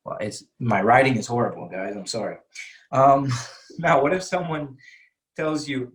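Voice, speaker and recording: Male teacher, mid-range voice, relaxed live-webinar delivery that quizzes listeners as he goes. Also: medium pitch, unhurried. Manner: conversational, asks the audience questions, many fillers. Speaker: English teacher.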